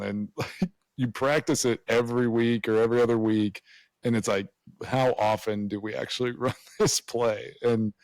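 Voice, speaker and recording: A man's voice: on the low side, dry recording, rough recording. A man co-hosting a podcast, chatting casually and laughing as he asks long, rambling questions. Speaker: podcast co-host. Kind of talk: casual interview chat.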